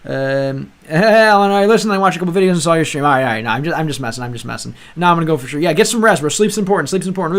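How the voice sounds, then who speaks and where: Expressive and a little high, the young host speaks at a quick pace with hardly any pauses. He's running a language-learning livestream, chatting casually with viewers in the chat, rambling with plenty of restarts and calling them "bro."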